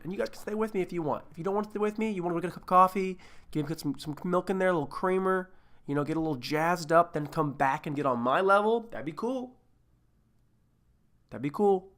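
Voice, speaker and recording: A man's voice: sits high, fast, fairly bright tone. A man hosting a podcast, reviewing a movie in a loose, rambling, jokey way with plenty of swearing. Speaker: podcast host. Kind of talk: casual movie-review chat.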